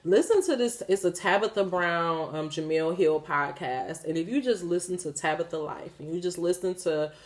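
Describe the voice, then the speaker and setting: A woman's voice: on the low side, normal speed, hardly any pauses. A woman in her thirties talking candidly to her viewers about faith, swearing freely and laughing as she goes. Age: 30s. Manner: profane, animated, laughing, talks straight to viewers. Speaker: spiritual vlogger. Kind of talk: candid spiritual talk to camera.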